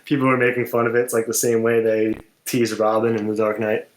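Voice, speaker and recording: A man chatting loosely on a movie podcast, voice sitting at a mid pitch and echoing around the room. He wanders through his points and leans on filler words as he goes. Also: little pitch movement, a little fast. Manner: rambling, heavy on filler words. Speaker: podcast co-host. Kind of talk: casual film review chat.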